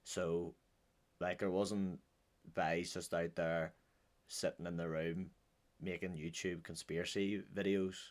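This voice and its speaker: Joking Northern Irish man, low voice. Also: little pitch movement, slow. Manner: joking, chatty, offhand. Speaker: host. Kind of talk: reaction commentary.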